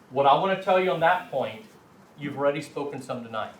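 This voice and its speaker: A man's voice: fairly high pitch, fast talker, a little hiss or hum. A man teaching a language class in a chatty, encouraging way, telling anecdotes to the room. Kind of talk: informal classroom talk. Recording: echoey room from far off.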